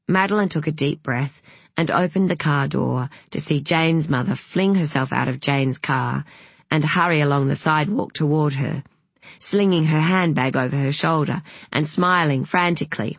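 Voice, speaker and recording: Audiobook narrator, breathy husky tone, mid pitch, dry studio sound. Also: moderate pace, no room sound. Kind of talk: scripted novel narration.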